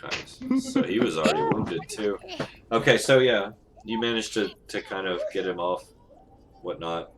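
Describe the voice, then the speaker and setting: A man narrating as game master of a tabletop game, relaxed and laughing often, with many ums. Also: fairly low pitch, normal speed, noisy background.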